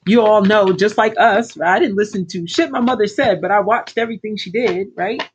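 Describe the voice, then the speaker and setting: A middle-aged life coach talks briskly to her livestream audience in a medium-pitched voice, her pep talk casual yet blunt, preachy and thick with profanity. The low-quality recording carries a little hiss or hum.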